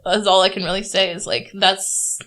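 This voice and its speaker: A woman's voice: mid-range voice, flat delivery, normal speed, fairly bright tone, rough recording. A woman co-hosting a casual movie review podcast, chatty and giggly, with lots of "like" fillers. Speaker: podcast co-host. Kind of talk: casual chat.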